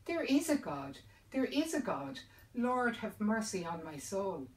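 A woman's voice: low-pitched, animated, moderate pace, a little mellow. A woman storyteller voicing a proud, learned male priest who grows desperate, talking in pleading, panicky bursts. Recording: roomy sound from a distant mic.

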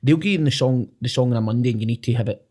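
A man's voice: mid-range voice, rapid-fire, a little mellow. A young man in his twenties with a Glaswegian accent, telling stories in casual chat, swearing freely and acting out what people said. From Scotland. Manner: swears freely, acts out quotes, keeps asking "do you know what I mean". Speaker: podcast guest, singer.

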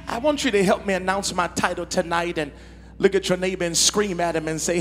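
A man preaching a sermon in a large church, reading scripture and rousing the congregation, slow and rising to shouts. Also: sits high. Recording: reverberant church hall with music.

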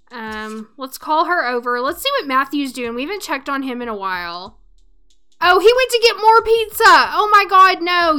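A woman's voice: high voice, sharp tone, clear, resonant tone. A woman with a Southern accent casually commenting on a life-sim game during a livestream, chatty and often laughing, talking to her viewers. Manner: chatty, giggly, talks to chat. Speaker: gaming livestreamer.

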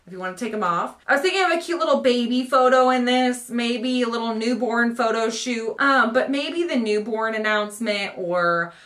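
This is a young woman, chatting to camera in a casual home vlog. Her voice sits a little high, and she gushes over each item in a bubbly way, laughing often. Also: normal speed, hardly any pauses, a bit bright. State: pregnant. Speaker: vlogger showing a baby haul.

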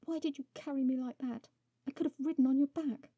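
A woman's voice: medium pitch, expressive, measured pace, mellow, breathy edge, muffled recording, voice pushed up, heavily acted. Woman voicing a defiant young captive. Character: defiant captive young woman, frightened but sharp-tongued.

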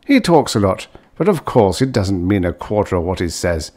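A man voicing a burly, hairy conspirator who needles and insinuates, raised well above his own pitch. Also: big pitch swings, moderate pace, a little mellow. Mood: insinuating. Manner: insinuating, pushy.

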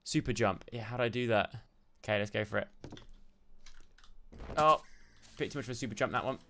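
A young man doing let's play commentary, excitable and jumpy, yelping and shouting when startled. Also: medium pitch, fairly quick. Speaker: gaming YouTuber.

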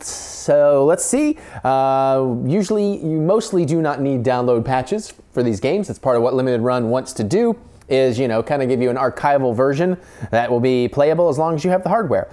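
A man's voice: mid-range voice, sing-song, moderate pace. A man hosting a casual unboxing and gameplay commentary, playful and jokey, reading on-screen text aloud. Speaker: video game channel host.

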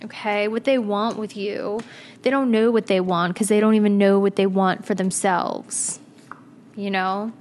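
A woman's voice: mid-range voice, steady tone, a little slow, a little mellow. A young woman doing a casual tarot reading to camera, chatty, blunt and slangy, swearing now and then. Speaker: tarot reader.

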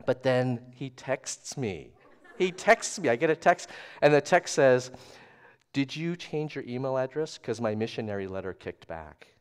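A middle-aged man giving a storytelling sermon at a church service, chatty and self-deprecating, shifting between hushed asides and loud animated bursts. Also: medium pitch, measured pace, clear, resonant tone. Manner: conversational, self-deprecating, often asks "right?". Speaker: guest preacher.

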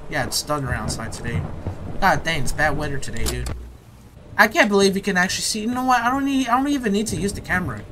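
A man narrating his own game run in a jittery, restless way, looping the same words and calling his viewers bro. His voice sits a little high for a man. Clicks and clear background noise run under the recording. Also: pushed and bright, low-quality recording. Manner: jittery, repeats phrases, talks to viewers as bro. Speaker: gamer. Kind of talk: let's play commentary.

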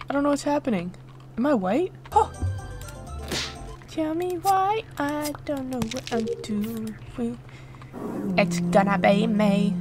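Young female streamer, excitable chatter over clear background music, unhurried delivery. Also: fairly high pitch. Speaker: gaming streamer. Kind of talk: casual gameplay commentary. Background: game music.

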